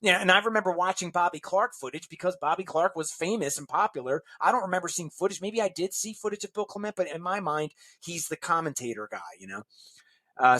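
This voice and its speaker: An interview guest, a man with a higher-pitched voice, tells a long story casually and with animation, chuckling as he performs the voices of the people in it. The recording has no room sound.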